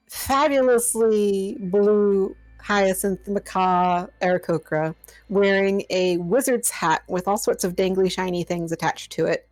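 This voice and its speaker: A woman's voice: medium pitch, no room sound, low-quality recording. A woman describing her character in a tabletop game in chatty, descriptive narration.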